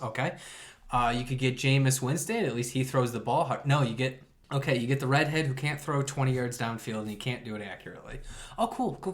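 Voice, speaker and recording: With a medium-pitched, fairly bright voice, this podcast co-host from around Chicago keeps things casual, laughing often between sarcastic rants.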